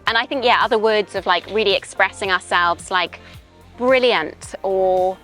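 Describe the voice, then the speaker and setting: A woman's voice: medium pitch, moderate pace, a bit bright, soft background music. A young British woman from Wales, an English teacher, chatting casually in an outdoor interview and explaining with examples. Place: outdoors in a park. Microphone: handheld voice recorder.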